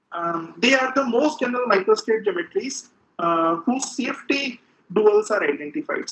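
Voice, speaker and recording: A man giving an academic physics lecture as the seminar speaker, halting and full of filler sounds as he explains, in a lecture room. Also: high-pitched, low-quality recording.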